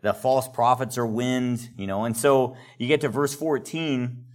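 A man leading a conversational Bible study, explaining verses in a relaxed way with chatty asides. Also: mid-range voice, unhurried.

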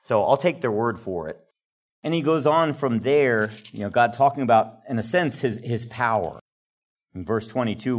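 A man's voice: medium pitch, moderate pace. Man teaching scripture, chatty. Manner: relaxed and explanatory, with chatty asides. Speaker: Bible study teacher. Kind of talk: conversational Bible teaching.

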